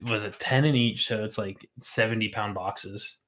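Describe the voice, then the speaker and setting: A man's voice: fairly low pitch, fairly even intonation, moderate pace, fairly bright tone. A man co-hosting a casual streamed chat, laid-back and rambling with many fillers. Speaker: podcast co-host.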